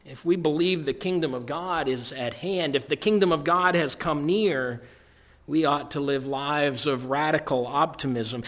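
A man preaching from the pulpit in a slightly high voice. He drives his points home by repeating phrases, rising loud and then dropping to a hush. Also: measured pace. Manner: emphatic, repeats key phrases, swings from loud to hushed. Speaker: pastor. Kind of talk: sermon.

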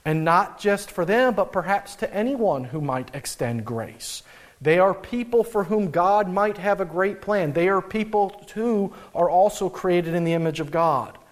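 A young adult man, a pastor, giving a conversational, animated sermon with frequent restarts. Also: sits high, a little slow.

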